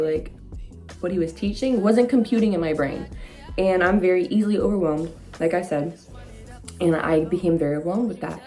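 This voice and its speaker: Low, mellow-voiced young woman telling a story. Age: young adult. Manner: chatty, with many "like"s and quoted dialogue. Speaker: vlogger. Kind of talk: casual storytime.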